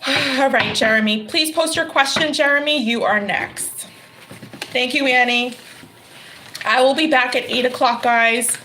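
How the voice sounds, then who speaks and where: A woman's voice: sits high, unhurried, bright, forceful tone, a little hiss or hum, rough recording. Chatty woman reading tarot live. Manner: chatty, laughs often, addresses viewers by name. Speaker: tarot reader hosting a live stream.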